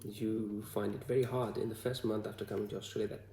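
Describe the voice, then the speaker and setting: A man from Bhutan with a Bhutanese accent, talking to the camera in a hesitant, halting way full of fillers. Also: fairly low pitch, little pitch movement, dark tone, echoey room. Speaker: vlogger. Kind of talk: casual talk to camera.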